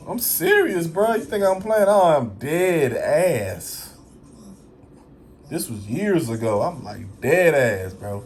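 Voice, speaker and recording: Man hosting a casual monologue, unhurried, slangy, emphatic, repeats himself, swears. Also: medium pitch, animated, a little hiss or hum. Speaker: vlogger.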